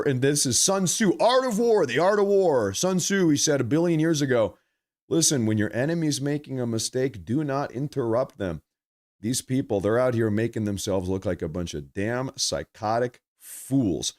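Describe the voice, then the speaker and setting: A man's voice: mid-range voice, expressive, moderate pace. Guy hosting a live stream, blunt and opinionated, just talking it through.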